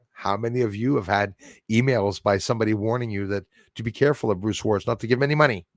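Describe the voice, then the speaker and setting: A man with a French Canadian accent hosting a casual livestream, rambling through viewer comments with frequent chuckles and sudden loud bursts. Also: fairly low pitch, fast talker, no echo, studio quality. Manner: rambling, chuckling, jumps loudly between topics. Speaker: livestream host.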